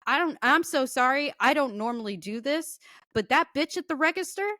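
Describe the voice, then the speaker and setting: A young woman with a higher voice tells a story on a podcast. Her casual delivery is animated and full of slang and swearing. The sound is dry and close. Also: a little fast, dry recording. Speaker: podcast co-host. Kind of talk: casual chat.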